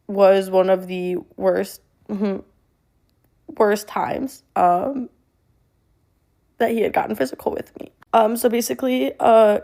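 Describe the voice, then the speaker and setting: A young woman telling a personal story to camera in a flat monotone, halting and full of fillers. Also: mid-range voice, creaky. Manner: halting, with many fillers and restarts. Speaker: social media creator.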